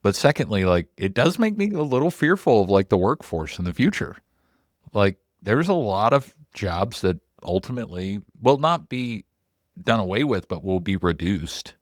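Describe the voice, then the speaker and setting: A middle-aged man co-hosting a podcast in loose, animated, casual chat, full of "like" and the odd swear. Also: fairly low pitch, normal speed, dry recording, clean studio sound. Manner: loose, animated and profane, heavy on "like" fillers. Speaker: podcast co-host.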